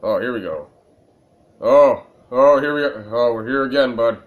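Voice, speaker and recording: A man's voice: mid-range voice, moderate pace, dull audio. A man casually commenting while playing a video game, a little tipsy, rambling and joking at his own expense. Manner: rambling, self-mocking, laughs at his own jokes. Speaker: gaming video creator. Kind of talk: let's-play commentary.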